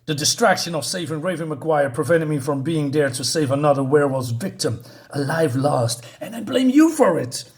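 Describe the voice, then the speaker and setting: A man's voice: on the high side, animated, normal speed. A man reading out the threatening lines of a grim masked male vigilante from a comic, with mild emphasis.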